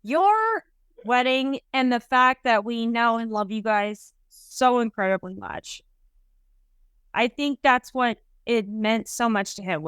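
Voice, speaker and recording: A woman sits at a dry, close podcast mic, her voice riding high as she spills a story in an excited, rambling rush. It is loose, casual chat with her co-hosts. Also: smooth, no room sound. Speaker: co-host, host's wife.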